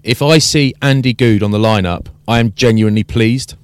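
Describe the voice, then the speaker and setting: A man hosting a casual podcast chat, telling an animated story and acting out the exchanges. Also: medium pitch, moderate pace, smooth, dry recording. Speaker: podcast host and rugby commentator.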